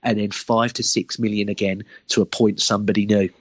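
A man's voice: fairly low pitch, level tone, fairly quick, no room sound. A man on a casual football podcast, arguing insistently and laughing as he makes his case. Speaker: podcast co-host.

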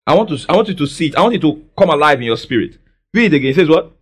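A man delivers a sermon in a high, lively voice. He leans on call-and-response and swings from soft to loud. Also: rapid-fire, husky. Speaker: pastor. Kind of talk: preaching a sermon.

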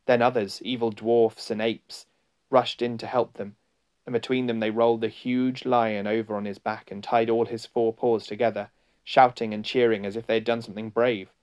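A man reading a storybook aloud in a slow, deliberate and dramatic narration. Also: mid-range voice, flat delivery, a little mellow, smooth, muffled recording. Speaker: audiobook narrator.

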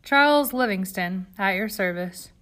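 A woman's voice: mid-range voice, lively intonation, a little slow, fairly bright tone. A woman reading aloud and voicing a young man who is a first-year law student, hesitant and unsure of himself.

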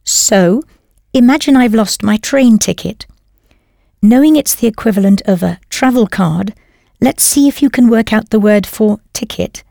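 A woman's voice: a little high, measured pace, vocal fry, warm tone, no room sound, studio quality. A woman narrating a scripted audio language lesson, patiently prompting the learner and then confirming each answer. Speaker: language teacher.

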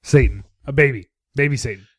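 A man co-hosting a casual podcast at home, cutting in with quick jokes and questions. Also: medium pitch, no room sound, clean studio sound. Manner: quick joking interjections. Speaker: podcast co-host.

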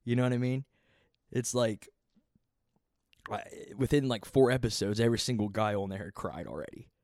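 A man's voice: medium pitch, normal speed, a little mellow, no room sound, studio quality. A man in his thirties ranting casually and profanely as a podcast host, rambling and exasperated. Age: 30s.

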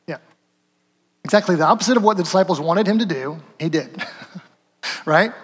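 A man's voice: sits high, moderate pace, a bit bright, breathy edge, big-room sound. A man preaching a sermon as pastor, conversational and asking the congregation questions.

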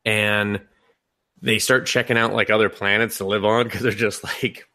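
A man's voice: fairly low pitch, normal speed. A young man on a casual podcast, retelling a film with lots of swearing, laughter and mocking quoted voices. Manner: animated, profane retelling with laughs and mock quotes. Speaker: podcast co-host. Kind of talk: casual anime podcast chat.

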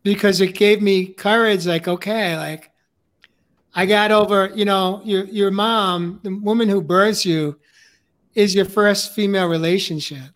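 An older man, a life coach, talking earnestly in casual conversation, halting with fillers. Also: high voice, steady tone, fairly bright tone.

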